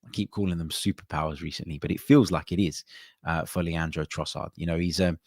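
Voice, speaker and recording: A man's voice: deep voice, steady tone, a little fast, a little mellow, dry recording, studio quality. A man hosting a live football podcast, chatting casually with many ums and uhs and reading out viewer comments. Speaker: podcast host.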